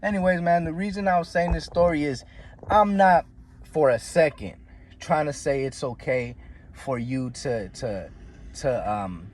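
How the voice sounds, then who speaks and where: A man's voice: a little mellow, a little hiss or hum. A man telling a story from his life in casual, slangy, profane talk, often calling the listener "G" and "bro.". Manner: acts out the quoted voices in a much higher pitch.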